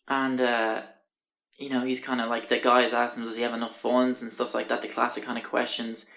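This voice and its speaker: Gravelly, bright-voiced young man. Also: medium pitch, completely flat delivery, brisk. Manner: rambling, sweary storytelling. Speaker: podcast host. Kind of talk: casual anecdote. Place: small bathroom. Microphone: handheld music player.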